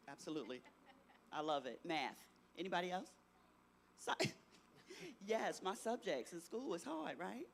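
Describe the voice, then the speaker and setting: A middle-aged speaker leads a workshop for teenagers, asking questions of the audience and checking understanding with a steady "right?". The voice sits at a middle pitch, with faint background noise behind it. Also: unhurried, creaky, pauses often. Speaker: youth workshop presenter. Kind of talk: interactive talk to teens.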